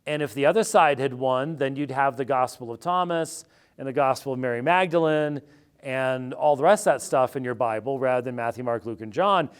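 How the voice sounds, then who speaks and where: An American man, a theologian guest in an interview, talking in a wry, animated and digressive way. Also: mid-range voice, fairly quick, smooth. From United States. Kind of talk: conversational interview answer.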